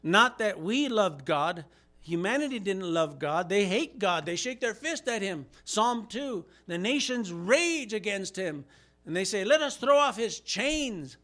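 A man preaches a sermon with a notably high-pitched voice, swinging between quiet, low asides and loud, fervent declarations. He acts out quoted voices and rises to shouts at his peaks. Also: expressive, a little slow. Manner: impassioned preaching with acted-out quotes and rising shouts. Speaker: pastor.

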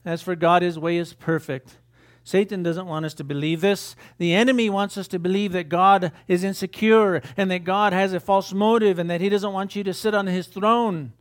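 A man's voice: high-pitched, steady tone, moderate pace. An older man preaching an informal sermon in a folksy, emphatic way, chuckling at his own asides.

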